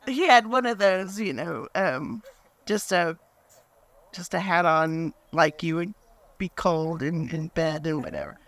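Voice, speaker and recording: A woman's voice: on the low side, measured pace, a bit bright. A woman telling a meandering anecdote as a speaker at a memorial gathering. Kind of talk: storytelling speech.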